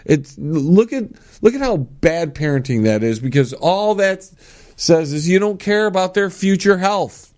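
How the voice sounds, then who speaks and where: A blunt male podcast host riffs on his own, and his voice swings high and low as he makes his points. He talks sarcastically and mocks the lines he quotes in a loud, put-on shout. His voice sits a little higher than most men's. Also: measured pace. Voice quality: animated with big pitch swings. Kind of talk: solo opinion talk show.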